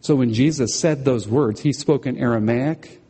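Pastor preaching in a reverberant hall. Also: male voice, medium pitch, normal speed, warm tone, breathy edge. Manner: teaching, explains scripture with questions to the congregation. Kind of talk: sermon.

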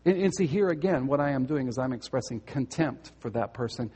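A man's voice: medium pitch, expressive, brisk, mellow, breathy edge, big-room sound. A man preaching a sermon, earnest and direct, putting questions to his listeners and repeating words as he goes. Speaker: pastor.

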